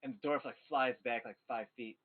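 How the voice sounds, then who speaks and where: A man's voice: medium pitch, fairly even intonation, normal speed. A man narrating as dungeon master in a live-streamed tabletop game, loose and profane. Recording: tinny phone-like audio.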